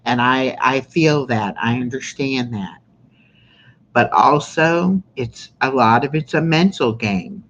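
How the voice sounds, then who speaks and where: A woman's voice: rumbling low, expressive, takes it slowly. Woman, 60s, live-stream host; rambling, chatty delivery full of fillers; slightly dull lo-fi audio. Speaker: livestream host. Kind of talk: casual live-stream chat.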